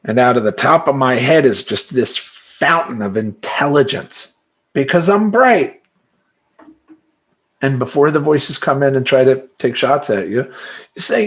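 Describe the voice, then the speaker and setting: A man coaching other men in a lively motivational talk, his pitch sitting in a middle register. He speaks with emphatic energy and drives his points home by repeating affirmations in a steady rhythm. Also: slow pace. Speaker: life coach. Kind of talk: motivational monologue.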